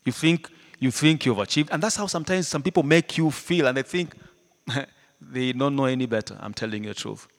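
A man preaching a sermon, animated, swinging between loud emphatic lines and hushed ones, often laughing. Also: medium pitch, a little fast, vocal fry. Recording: hall reverb.

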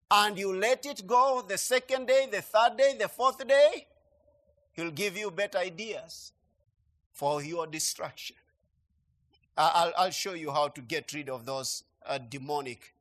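A man preaching a sermon, emphatic and repetitive, swinging between quiet asides and loud declarations. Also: sits high.

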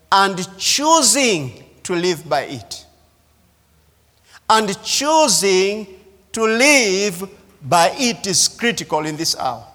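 Slow, high-voiced preacher man in a hall. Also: a bit bright. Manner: slow, emphatic preaching with repeated phrases. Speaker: pastor. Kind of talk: sermon. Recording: reverberant hall.

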